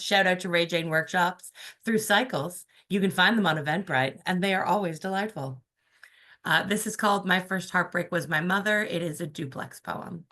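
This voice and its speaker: A young woman with a Canadian accent performing her own spoken word poems, slow and measured, with casual asides between pieces. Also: lowish voice, fairly bright tone. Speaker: poet. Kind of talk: spoken word poetry reading.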